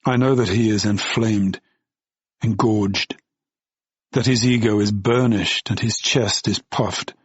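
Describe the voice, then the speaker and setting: A man's voice: fairly low pitch, fairly even intonation, slow, slightly rough, no echo, dull audio. A man narrating an audiobook in the first person, in a brooding, bitter tone.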